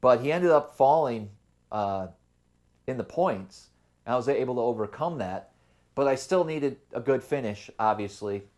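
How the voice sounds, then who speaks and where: A man's voice: mid-range voice, moderate pace. A young adult man hosting his own fishing channel, telling his tournament story in a loose, rambling way. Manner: rambling, relaxed storytelling with fillers. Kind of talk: casual vlog talk to camera.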